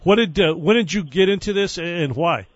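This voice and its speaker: A man hosting a sports radio interview, energetic, with halting restarts and fillers. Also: high voice, a little hiss or hum. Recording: dry, slightly dull studio audio.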